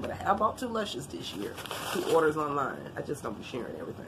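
A woman's voice: sits low, quick pace, background noise. A woman vlogger chatting casually while unboxing gifts, a bit congested and tiring easily. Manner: chatty, animated, Southern-style "y'all" talk.

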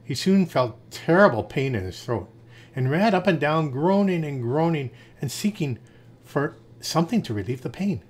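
A man reading fables aloud in a lively storytelling manner. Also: fairly high pitch, moderate pace.

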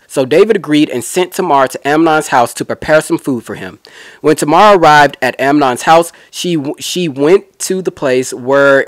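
A man's voice: on the high side, dry recording, studio quality. A man giving a casual Bible teaching, retelling scripture in a chatty, slangy way with asides.

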